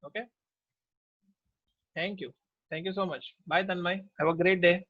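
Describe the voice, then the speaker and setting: A male teacher with an Indian accent calls the roll in a brisk, businesslike way, switching freely between English and Hindi. His voice sits a little high. The recording is dry and close, with a dull, lo-fi sound. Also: fairly even intonation, dry recording. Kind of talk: taking class attendance.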